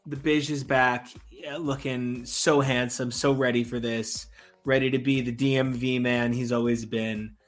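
A man hosting a podcast over a call, chatty and excitable, with lots of fillers and jokes. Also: mid-range voice, unhurried, faint music behind. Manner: excitable, many fillers, joking. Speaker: podcast host. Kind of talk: casual podcast chat. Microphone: remote call.

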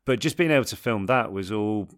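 A man's voice: lowish voice, lively intonation, fairly quick. An English man in his thirties, an actor guest chatting casually and at length in an interview, laughing often.

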